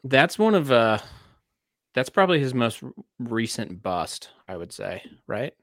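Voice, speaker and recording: A man's voice: medium pitch, sing-song, a little slow, a bit bright, dry recording, clean studio sound. A man co-hosting a movie podcast, chatting casually and giving enthusiastic opinions. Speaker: podcast co-host. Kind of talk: casual chat.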